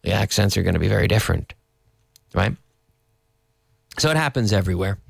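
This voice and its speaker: A man's voice: deep voice, animated, a little fast, gravelly, dry recording, clean studio sound. A Canadian man with a Canadian English accent, an English teacher on a radio show, explaining casually and rambling a little while spelling words out letter by letter. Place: radio studio.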